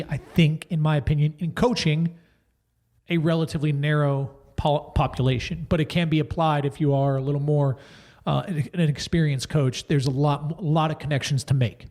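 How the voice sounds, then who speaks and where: A man co-hosting a relaxed podcast talks in a somewhat high voice. He rambles, jokes and corrects himself mid-sentence as he works through his thoughts. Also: fairly quick. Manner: rambling, self-correcting, jokey. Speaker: podcast co-host. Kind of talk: casual podcast chat.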